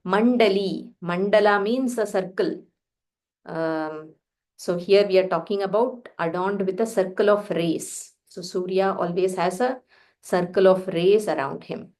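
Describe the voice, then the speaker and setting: A woman leads a chanting lesson. Her talk is patient and careful, with medium pitch and gentle hesitations. She breaks words into sounds one at a time. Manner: slow careful pronunciation drills with fillers. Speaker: chanting teacher.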